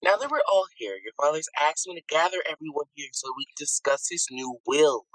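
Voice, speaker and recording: A woman's voice: low-pitched, animated, brisk, no echo, poor audio. Woman as a curt family lawyer. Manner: curt, businesslike, snappish. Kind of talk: school play over video call.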